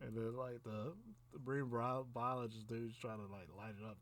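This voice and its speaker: A man's voice: mid-range voice, steady tone, a little fast. A man who reviews films, recapping a movie in a rambling, casual way with lots of fillers and chuckles. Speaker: film reviewer.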